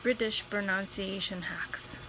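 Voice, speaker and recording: A woman presenting a school video, calmly explaining pronunciation tips and repeating example words one by one. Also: medium pitch, unhurried, background noise. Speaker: student presenter.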